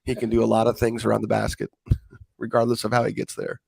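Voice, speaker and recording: Coach guy on sports radio, hoarse from a cold, gravelly and dry. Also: on the low side, monotone, brisk, a little mellow, no echo. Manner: rambling, restarts sentences. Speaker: basketball analyst and coach. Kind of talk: casual sports radio chat.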